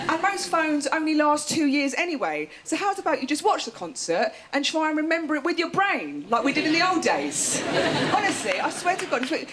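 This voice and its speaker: Woman comic in her thirties, stand-up set, chatty, self-mocking, fairly high voice, loud background hiss. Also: sing-song, a little fast, over a noisy crowd. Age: 30s. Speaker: stand-up comedian. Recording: loud noisy stage recording.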